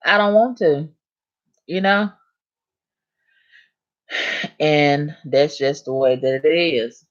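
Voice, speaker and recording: Woman streamer, low voice, chatty vernacular host answering chat, muffled lo-fi audio. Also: takes it slowly. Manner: chatty, reads and answers viewer comments. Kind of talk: casual live stream chat.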